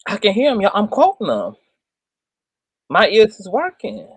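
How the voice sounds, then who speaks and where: A man doing an impression of a male bishop who slowly welcomes viewers to his livestream. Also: high-pitched, wildly swooping pitch, husky, dry recording, heavily acted. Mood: welcoming.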